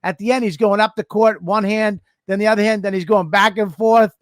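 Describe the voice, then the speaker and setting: A man with a Boston accent telling a lively story in casual podcast chat, laughing as he goes. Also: sits high, fairly quick, no room sound, clean studio sound. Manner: animated, laughs while telling stories. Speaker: podcast co-host.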